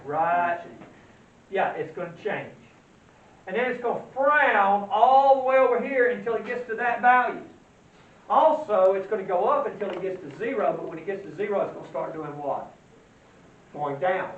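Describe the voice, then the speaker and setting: A man with a high voice teaches a math class in a folksy manner, tossing questions at the room and answering them himself. He sounds far from the mic in an echoing classroom. The recording is dull and lo-fi, with a faint hiss underneath. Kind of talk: classroom lecture.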